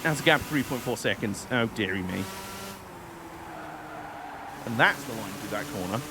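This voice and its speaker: A man's voice: fairly low pitch, expressive, moderate pace, background noise. A man casually commentating a racing game on a live stream, joking and rambling as he plays. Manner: jokey, rambling, slips into silly put-on voices. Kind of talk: let's-play commentary.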